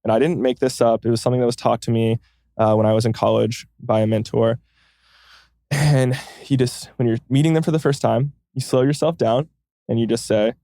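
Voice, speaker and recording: A man talks quickly as a podcast guest, with a mellow, darker tone. He tells stories loosely, swears often and acts out the lines of others. The recording is dry and close. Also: mid-range voice, expressive, no echo. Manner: fast, swears casually, acts out quoted dialogue. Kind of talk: casual interview conversation.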